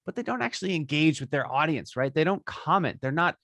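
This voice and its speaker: A man's voice: fairly high pitch, very animated, a little fast, gravelly, a bit bright, no room sound. A man as a podcaster guest, giving upbeat, chatty advice and tagging his points with "right?". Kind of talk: casual interview advice.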